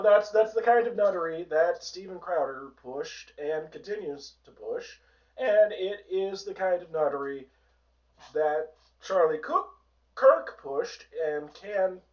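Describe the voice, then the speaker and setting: A man with a hoarse voice hosting a sarcastic, profane political rant, in a dull, distant home recording. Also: on the high side, darkish tone. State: hoarse from a sore throat. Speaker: host. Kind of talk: ranting political commentary.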